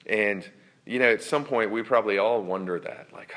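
Man, sermon, very low voice, earnest and reflective, hushed near-whispers at times. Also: normal speed. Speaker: pastor.

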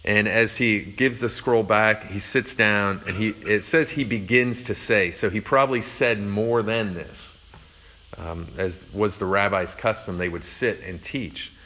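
A man's voice: lowish voice, steady tone, measured pace, bright, forceful tone, low-quality recording. A man giving a conversational sermon, explaining a passage verse by verse with earnest asides. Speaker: pastor.

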